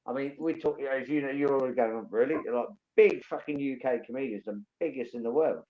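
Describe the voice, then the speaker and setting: A man's voice: medium pitch, quick pace, dull audio. A man from England, telling rambling, enthusiastic stories in casual chat.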